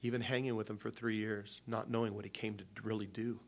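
A man's voice: fairly low pitch, flat delivery, fast. A man preaching before communion, telling a personal story in a loose, emotional way with many restarts. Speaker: pastor.

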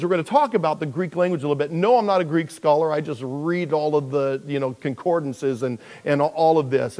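A male pastor preaching a conversational sermon, with many restarts and now and then putting on playful high voices for characters. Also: a little mellow, in a large hall.

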